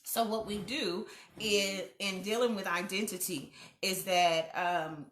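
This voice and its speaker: A woman's voice: mid-range voice, takes it slowly, slight background noise. A middle-aged woman hosting a mentoring livestream from home, telling stories and acting out quoted voices with laughs. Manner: animated storyteller, acts out quoted voices with laughs. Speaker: host of a youth mentoring livestream. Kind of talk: casual livestream talk. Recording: echoey home room.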